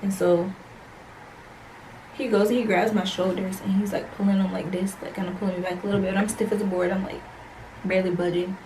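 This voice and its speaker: A young woman vlogger telling a storytime tale casually, acting out the dialogue with slangy, animated delivery. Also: medium pitch, fairly quick, far from the mic, background noise.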